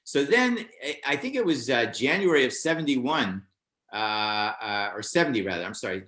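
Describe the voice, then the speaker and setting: A man's voice: mid-range voice, animated, normal speed, pushed and bright, echoey room. An older man, a stand-up comedian, telling a show-business anecdote in a casual interview and acting out other people's lines in a raised voice.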